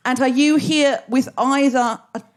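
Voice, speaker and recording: A woman's voice: high voice, steady tone, unhurried, background noise. An Australian woman hosting a live comedy podcast, laughing and riffing with the audience from a theatre stage. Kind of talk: live stand-up crowd work.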